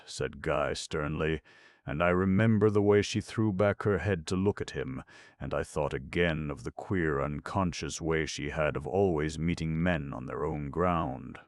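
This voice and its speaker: Audiobook narrator: man, measured and lyrical; very deep, dry. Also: no echo. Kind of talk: scripted narration.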